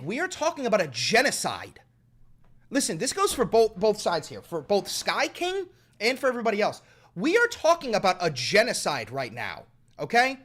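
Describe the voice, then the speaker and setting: A man's voice: very high-pitched, a bit bright. A man live streaming, scolding his chat in a profane, exasperated rant.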